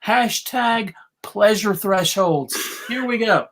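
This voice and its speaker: Slow-talking male show host, halting and self-interrupting, casual panel chat. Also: high-pitched, gravelly, fairly bright tone. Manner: halting, many restarts and laughs. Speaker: podcast host.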